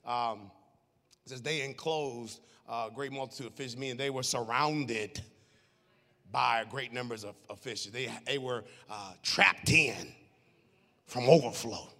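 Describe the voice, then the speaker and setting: A man preaching a sermon as pastor, joking with the congregation in laughing asides and building to shouted preaching. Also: mid-range voice, measured pace, long reverb tail. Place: church sanctuary.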